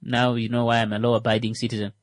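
A man doing stand-up comedy, animated, full of fillers and restarts, swinging between loud rising jokes and muttered asides. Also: mid-range voice, fast talker, no room sound.

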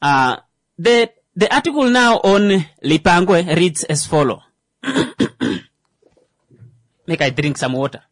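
A man with a Namibian accent hosts his own commentary show. He reads a news article aloud, stumbles over the words and drops joking asides. His voice is a touch higher than most men's and sounds close and dry. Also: lively intonation, slow pace, long pauses, a bit bright, no echo. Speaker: show host.

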